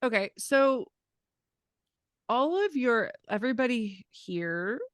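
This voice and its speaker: A woman teaching a live class in a casual, lively way, swearing now and then and restarting her sentences. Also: fairly high pitch, slow, no room sound. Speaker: class facilitator.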